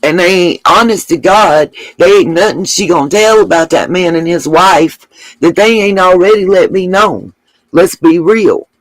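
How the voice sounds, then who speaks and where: A woman's voice: on the low side, normal speed, dry recording, rough recording. A middle-aged woman hosts her own live stream, speaking bluntly and heatedly with plenty of profanity. Her voice sits close and dry, with no room sound around it. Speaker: livestream host.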